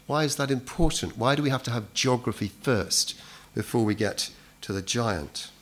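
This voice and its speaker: A man's voice: medium pitch, moderate pace. A man preaching an expository sermon in a conversational way, often putting rhetorical questions to his listeners.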